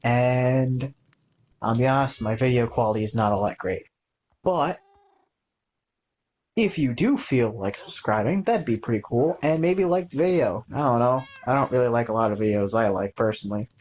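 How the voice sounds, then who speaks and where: A man's voice: mid-range voice, normal speed, a little mellow. A young man talking casually over his own gameplay footage, rambling and self-deprecating with lots of filler words and restarts. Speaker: gaming channel host.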